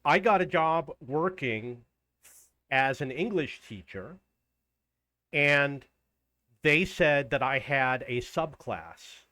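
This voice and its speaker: Fifties guy ranting to camera, fed up and indignant, kinda high voice, dead dry room. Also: sharp tone, no echo. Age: 50s. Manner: indignant, exasperated, quotes others in raised voice. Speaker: vlogger. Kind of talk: casual ranting monologue.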